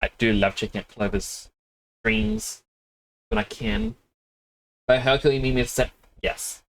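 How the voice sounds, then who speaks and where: A man's voice: mid-range voice, sing-song, a little slow, vocal fry, a bit bright, slight background noise, rough recording. A young man with a mixed Australian accent chatting casually on a game live stream, rambling and laughing often. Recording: game music playing underneath. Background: game music.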